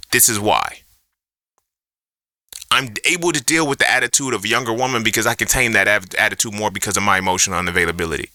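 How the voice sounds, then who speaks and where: A man's voice: fairly low pitch, pushed and bright, no echo, studio quality. A man hosting a podcast alone, ranting in a profane, emphatic way and throwing out rhetorical questions in an unscripted monologue. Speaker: podcast host.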